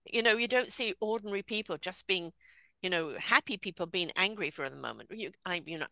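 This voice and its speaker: An older woman hosting a conversational interview, talking in an animated way and acting out small quoted voices. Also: medium pitch, fairly quick, creaky, dry recording.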